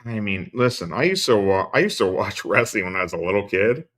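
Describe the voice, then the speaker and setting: A man's voice: lowish voice, lively intonation, normal speed, few pauses, fairly bright tone. A man hosting a stream, giving profane, sarcastic commentary and laughing often. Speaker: streamer host. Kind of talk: casual mocking commentary.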